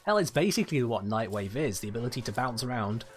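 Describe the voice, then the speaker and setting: A man's voice: mid-range voice, sing-song, fast talker. A young man from Birmingham with a Southern English accent, chatting casually on a game stream and answering viewers as he plays. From Birmingham, England. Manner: chatty, reads and answers viewer chat while playing. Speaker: gaming streamer. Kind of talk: casual live-stream chat.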